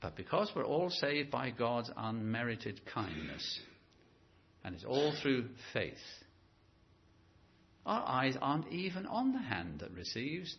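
A man preaching a sermon in a church, animated and stretching key words for emphasis. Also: medium pitch, slow, highs cut off, noisy background.

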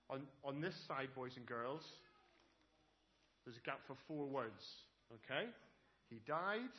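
A man's voice: medium pitch, highs cut off. A man leading a playful children's talk in a church service, asking the children lots of questions. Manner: lively and playful, addressing children directly with frequent questions. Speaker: preacher giving a children's talk.

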